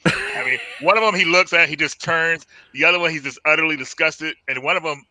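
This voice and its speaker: A man who is a guest on a casual live movie review, describing scenes in a relaxed, plain way. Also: fairly high pitch, a little fast, no room sound, poor audio. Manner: relaxed, describes scenes plainly, quiet back-channel replies. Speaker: guest co-host.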